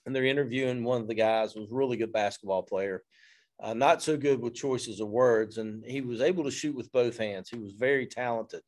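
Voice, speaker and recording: Animated man telling a story. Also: mid-range voice, a little fast. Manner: animated, self-deprecating, acts out quotes. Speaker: fire service instructor. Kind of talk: storytelling in an interview.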